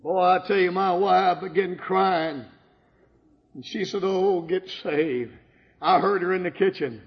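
A man preaching a folksy testimony sermon and telling his story, breaking into sudden shouts. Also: sits high, unhurried, gravelly. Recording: echoey hall, dull lo-fi sound.

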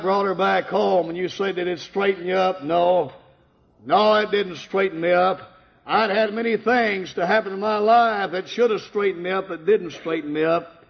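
An older man giving a fervent sermon testimony, swinging from hushed tones to loud outbursts. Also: sits high, fairly even intonation, normal speed, vocal fry. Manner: impassioned, swings from hushed to shouting. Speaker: preacher giving his testimony. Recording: dull lo-fi recording in a reverberant hall.

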